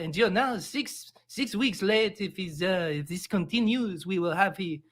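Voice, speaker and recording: A man putting on a fake French accent to play a pompous male boss scolding an employee in a slow, stiff way. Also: high-pitched, a bit bright, pitched above the performer's own voice.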